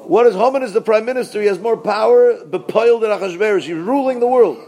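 Teaching a Purim Torah lesson at a brisk pace, a man asks rhetorical questions and then answers them. He alternates between loud outbursts and low asides.

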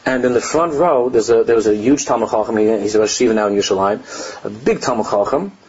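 An older male rabbi with a husky, slightly breathy voice teaches a Torah lesson. He tells stories with animation and drops Hebrew and Aramaic phrases into his English. The recording sounds dull and lo-fi. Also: mid-range voice, fast. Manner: animated, laughs at his own anecdotes.

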